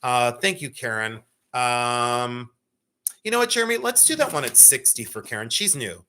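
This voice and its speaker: A man in his fifties hosting a live jewelry sale, chatting loosely and breaking into rapid auctioneer chant. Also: mid-range voice, lively intonation, bright, forceful tone. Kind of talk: live-stream sales chat.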